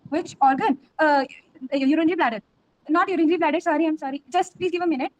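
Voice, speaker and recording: A woman's voice: sits high, fast talker, darkish tone. A young woman with an Indian accent answering oral exam questions as a quiz contestant, hesitant and apologetic, with many fillers. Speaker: quiz contestant, medical student.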